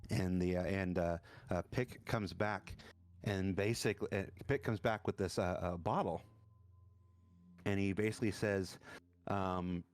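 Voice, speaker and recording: A man narrating a tabletop game as dungeon master, halting and full of restarts. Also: low voice, fairly even intonation. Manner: halting, many fillers and restarts.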